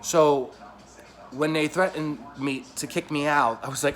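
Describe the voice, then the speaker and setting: A man's voice: fairly high pitch, steady tone, unhurried. Emotional man telling a rambling personal story. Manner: emotional, rambling, grows heated and loud. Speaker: vlogger.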